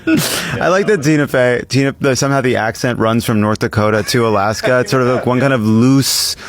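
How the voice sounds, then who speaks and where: A man's voice: medium pitch, fairly quick. A man riffing in a profane, exasperated way in a political panel discussion.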